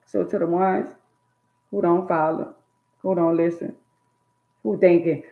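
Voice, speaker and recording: A woman's voice: lowish voice, steady tone, unhurried, gravelly, pauses often. A woman preaching life advice straight to her viewers in an emphatic, sermon-like monologue. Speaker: vlogger giving life advice. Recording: tinny phone-like sound in an echoey room.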